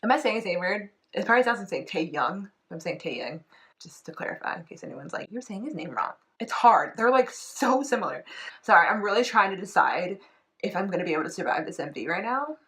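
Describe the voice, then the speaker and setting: A young woman chatting casually about a music video, gushing with lots of fillers, giggling and breaking into high excited squeals. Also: a little fast. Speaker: K-pop reaction vlogger. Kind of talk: excited reaction commentary.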